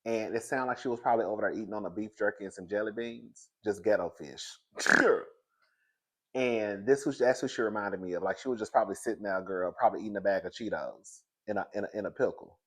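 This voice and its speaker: A man with a fairly low voice hosts a casual pop-culture commentary show, speaking quickly. He is animated and dramatic, calls everyone "girl," and laughs a lot.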